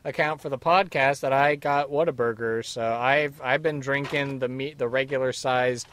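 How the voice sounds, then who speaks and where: A man's voice: mid-range voice, steady tone, moderate pace, fairly bright tone. A man co-hosting a podcast in casual chat, playful and riffing, who laughs easily. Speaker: podcast co-host. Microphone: podcast mic with headphones, remote.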